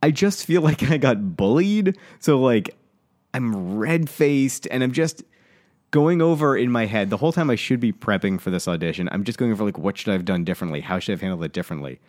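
A man's voice: lowish voice, fairly quick. Worked-up storytelling man, swearing. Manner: animated, swears, worked up while telling a story. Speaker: podcast co-host. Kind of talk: casual storytelling chat.

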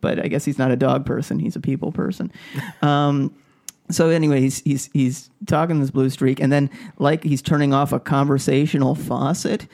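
A man's voice: medium pitch, level tone, normal speed, vocal fry, a little mellow. A man telling a story on a podcast in casual chat, rambling with many fillers and restarts.

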